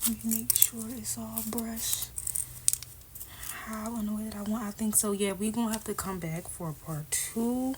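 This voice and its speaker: A woman's voice: fairly high pitch, steady tone, normal speed, background noise. A woman vlogger chatting casually and candidly while she does her hair, often dropping into a half-whisper. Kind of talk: casual chat.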